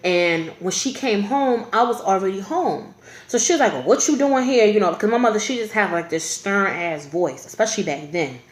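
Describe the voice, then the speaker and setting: A woman's voice: mid-range voice, normal speed. A woman, telling a personal story in a casual vlog and acting out the other voices in it. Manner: animated, laughing, acts out quoted voices. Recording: echoey room.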